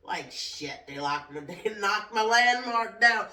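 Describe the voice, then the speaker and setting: A woman's voice: mid-range voice, expressive, slow pace, sharp tone. A woman hosting a podcast, ranting in casual comedy style, profane and laughing often as she talks. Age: adult with a school-age son. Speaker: podcast host. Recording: roomy echo, distant from mic.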